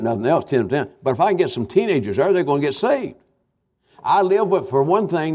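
A man's voice: medium pitch, darkish tone. An older man from Kentucky preaching a folksy revival sermon, with many restarts and fillers.

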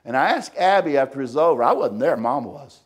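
A man preaching a sermon and telling a story in an animated way, swinging from loud bursts down to hushed tones. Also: mid-range voice, brisk, slightly rough.

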